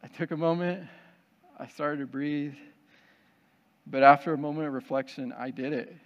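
A man telling a personal story to an audience in a conversational, self-deprecating and lively way. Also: on the high side, moderate pace, long reverb tail, highs cut off.

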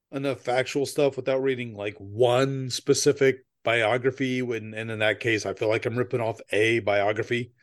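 A man co-hosting a podcast in casual chat, telling stories in a rambling way, laughing often and swearing casually. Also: mid-range voice. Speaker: podcast co-host.

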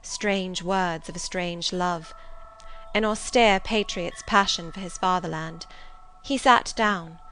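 A woman's voice: on the low side, slight background noise, low-quality recording. Woman narrating a classic novel. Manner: measured, expressive storytelling. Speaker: audiobook narrator. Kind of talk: scripted literary narration.

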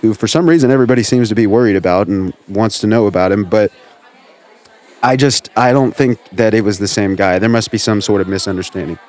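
A man's voice: lowish voice, a little fast, a faint crowd. A man hosting a comedy podcast, bantering and playing along with callers. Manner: bantering, plays along deadpan. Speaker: podcast host. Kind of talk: casual comedic chat.

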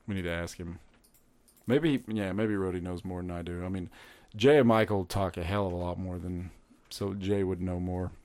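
A man co-hosting a podcast, casual chat, enthusiastic and quick with punchy interjections. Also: low voice, darkish tone. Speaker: podcast co-host.

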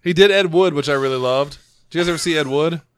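A man's voice: a little high, fast, clean tone. A man co-hosting a casual podcast chat, jokey and laughing often. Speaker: podcast co-host.

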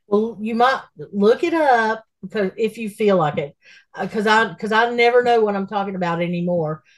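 A woman's voice: medium pitch, moderate pace, poor audio. A woman chatting casually as a podcast co-host, caring and rambling. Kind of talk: casual chat.

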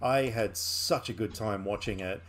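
A man's voice: fairly low pitch, unhurried, a bit bright. A man co-hosting a film podcast, chatting casually and enthusiastically with lots of fillers and restarts. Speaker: podcast co-host.

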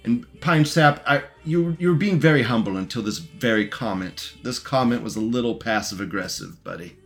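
A man's voice: medium pitch, moderate pace, faint music behind. A man giving casual, mocking commentary as he reacts to a recorded debate and talks back to it.

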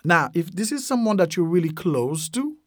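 A man's voice: high voice, very animated, normal speed, no echo, studio quality. A man hosting a podcast, teaching useful phrases casually, repeating each one and using plenty of fillers. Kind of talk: casual language lesson.

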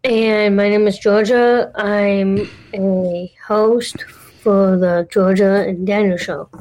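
Slow-talking teasing female podcast co-host. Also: medium pitch, steady tone, darkish tone. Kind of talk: casual chat.

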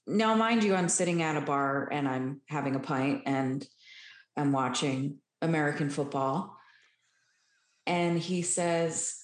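A woman's voice: sits low, a little slow. A woman guest candidly and earnestly telling her personal recovery story. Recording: roomy echo.

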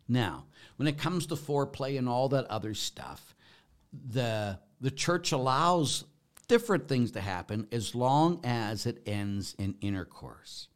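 A middle-aged priest preaches with a folksy, joking warmth. His fairly low voice swings widely in pitch, rising into loud, emphatic bursts and then dropping back down. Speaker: Catholic priest. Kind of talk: informal preaching talk.

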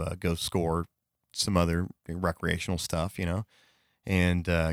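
A man's voice: deep voice, no echo, clean studio sound. A man telling a casual anecdote in a rambling way, with fillers, swearing and self-corrections. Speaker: storyteller.

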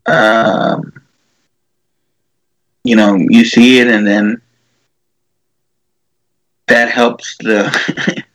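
A man's voice: lowish voice, fairly bright tone, no room sound, poor audio. A man casually retelling a movie scene, rambling with many fillers and restarts.

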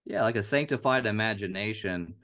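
Very deep-voiced earnest man. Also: fairly quick. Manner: earnest, animated, repeats phrases to illustrate. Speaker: podcast co-host. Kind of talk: casual Bible discussion.

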